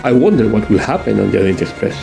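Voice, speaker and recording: A man's voice: on the low side, very animated, quick pace, vocal fry, music in the background. A man hosting a game playthrough, commenting in a musing, playful way. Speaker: gaming channel host. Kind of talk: let's-play commentary.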